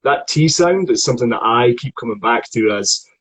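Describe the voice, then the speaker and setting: A man's voice: mid-range voice, lively intonation, normal speed, a bit bright, breathy edge, low-quality recording. A man with a Scottish accent, a voice coach explaining acting technique in a chatty way with many restarts. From Scotland. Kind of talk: online acting lesson conversation.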